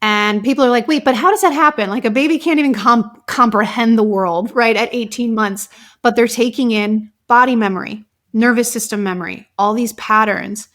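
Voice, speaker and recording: A woman guest and author talking casually in an interview, telling stories in a lively way and filling her speech with "like". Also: fairly high pitch, moderate pace. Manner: animated storytelling, many fillers like "like". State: emotional at times. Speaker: guest, author and somatic practitioner.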